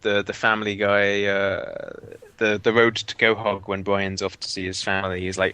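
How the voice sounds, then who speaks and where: A man's voice: on the low side, level tone, moderate pace, pushed and bright, clear, resonant tone, dry recording. A man chatting casually on a gaming podcast, telling rambling stories and often repeating his words. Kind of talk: casual chat.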